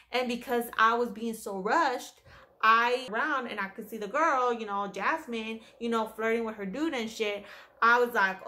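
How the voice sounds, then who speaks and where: A young woman telling a story in a casual vlog, animated, emphatic and full of swearing. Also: a little high, normal speed. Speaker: storyteller vlogger.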